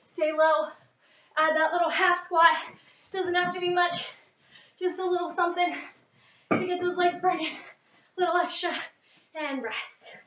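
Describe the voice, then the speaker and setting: A woman's voice: very high voice, fairly even intonation, measured pace, pauses often, fairly bright tone, slight background noise. A young woman leading a workout as a fitness instructor, a little out of breath, counting reps and coaching. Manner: upbeat coaching, counting reps, mid-exercise. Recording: echoey, distant, dull lo-fi.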